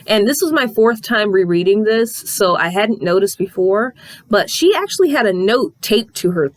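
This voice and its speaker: A woman recaps a comic in a loose, animated chat, swearing casually and slipping into character voices. Her voice sits at an ordinary pitch, and the recording is dry and close. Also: normal speed, no echo. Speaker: comic reviewer.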